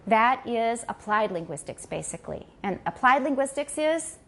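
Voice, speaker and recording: A woman's voice: on the high side, sing-song, moderate pace, a bit bright. A woman lecturing on linguistics in a classroom, stopping to correct and model pronunciation for her students. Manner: corrects and models pronunciation, switches into Mandarin for glosses.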